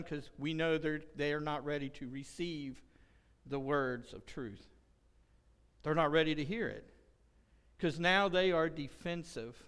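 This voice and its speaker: Pastor, male, high smooth voice, impassioned sermon delivery, reverberant church hall. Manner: impassioned preaching, rising loud when quoting. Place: church sanctuary.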